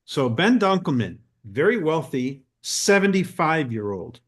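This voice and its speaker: A man's voice: on the high side, unhurried. A middle-aged man from Canada co-hosting a network marketing call, telling a story with emphasis and acting out the quotes. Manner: animated, emphatic, acts out quotes.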